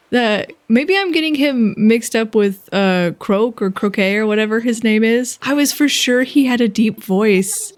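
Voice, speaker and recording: A young woman chatting casually and excitably while playing a video game, with frequent giggles. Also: on the high side, measured pace, few pauses. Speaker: gaming vlogger. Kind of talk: casual gameplay commentary.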